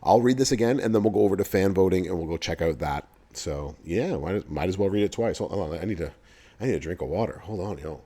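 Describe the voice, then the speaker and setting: A man's voice: sits low, animated, quick pace, mellow. A young man hosting a game livestream, chatting casually with viewers, laughing often and answering chat messages. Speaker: livestream host for a mobile game.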